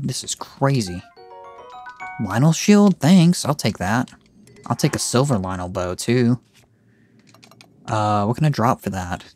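Slow-talking man narrating his gameplay. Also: medium pitch. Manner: excitable, reacts aloud to the fight. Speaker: gamer. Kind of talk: let's play commentary. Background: game music.

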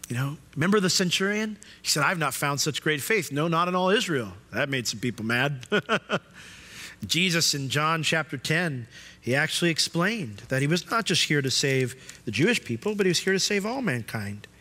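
A male pastor delivers a sermon in a church, his fairly high, bright voice carrying a long reverb through the room. He preaches expressively and slips into the voices of the people in his stories. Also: lively intonation, normal speed. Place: church sanctuary.

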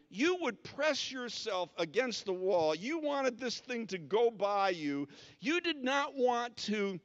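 Male pastor, high-pitched, chatty preaching with restarts; muffled, echoing sanctuary recording. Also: fairly bright tone. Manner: conversational preaching with many restarts and repeated words. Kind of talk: sermon. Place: church sanctuary.

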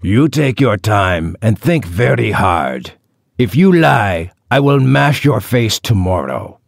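Guy voicing a big scary kidnapper boss in an audiobook, slow heavy questions, kinda low voice, dry sound. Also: sing-song, gravelly, no echo, heavily acted. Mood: threatening. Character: heavyset menacing male kidnapper boss, cold interrogator.

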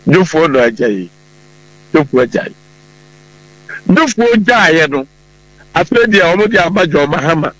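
A Ghanaian political commentator argues his views on a talk show, emphatic and repetitive, mixing English words into his speech. His voice is a little high, very animated, and fairly bright, at a moderate pace with long pauses. The low-quality recording has no room sound.

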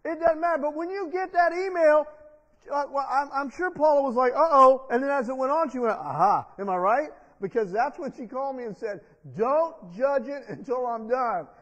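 High-voiced preacher man in a reverberant church. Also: normal speed. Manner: call-and-response preaching with the congregation. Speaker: pastor. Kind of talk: sermon. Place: church sanctuary. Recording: dull long-reverb church sound.

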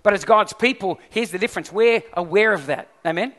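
A man preaching a sermon as pastor, lively and often putting questions to the congregation. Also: high-pitched, fairly quick. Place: church hall. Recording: long hall reverb.

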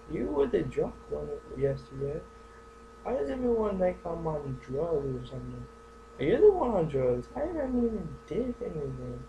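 A young man rambling through a goofy comedic vlog monologue, going from joke to joke with silly deadpan asides. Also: on the high side, creaky, lo-fi sound, noisy background. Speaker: vlogger.

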